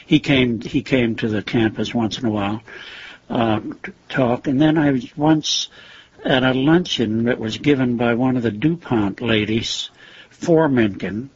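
An older man, a former teacher, recalling old acquaintances in an interview, halting with fillers and soft chuckles. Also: mid-range voice, slightly rough, no echo. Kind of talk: reminiscing interview. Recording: dull lo-fi recording.

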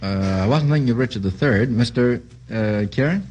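A man hosting a vintage radio quiz show, brisk and jovial, tossing out quips between questions. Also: mid-range voice, darkish tone.

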